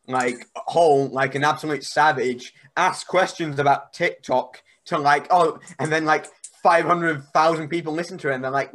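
Rambling podcast guest. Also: male voice, a little high, normal speed, hardly any pauses. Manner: rambling, animated storytelling. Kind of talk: casual podcast chat.

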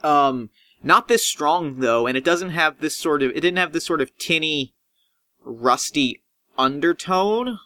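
A man's voice: on the high side, expressive, unhurried, bright, forceful tone, dry recording. A man narrating as game master in a tabletop role-playing game, casual and rambling with fillers.

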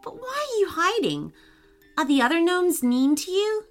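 A woman's voice: very high-pitched, sing-song, moderate pace, faint music behind, voice pushed up. A woman voicing a tall, kind young schoolboy who speaks honestly. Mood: earnest. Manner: earnest and honest.

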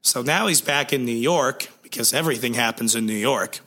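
Male podcast co-host, bright tone, slightly hoarse, casual and wry. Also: mid-range voice, brisk. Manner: laid-back, sarcastic, swears casually. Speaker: podcast co-host recapping comics. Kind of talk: casual chat.

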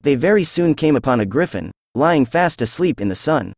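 A synthesized male voice giving an even, measured storybook narration. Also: a little high, no room sound. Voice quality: synthetic computer voice. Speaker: audiobook narrator.

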